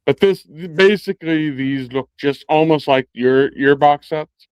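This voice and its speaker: A man's voice: on the high side, unhurried, clean tone, no echo, muffled recording. A man in a casual film discussion, rambling with many restarts and laughing along.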